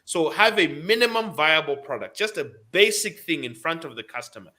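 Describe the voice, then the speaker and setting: Bright-voiced man giving emphatic business advice. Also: a little high, animated, moderate pace. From Zambia. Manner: emphatic, repeats points, laughs. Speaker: radio show host.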